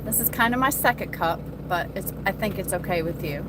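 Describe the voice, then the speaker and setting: This American trucker livestream host talks a little fast and animatedly with few pauses, her voice mid-range. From her truck cab she leads a casual morning coffee chat, greeting viewers by name. The recording is very noisy.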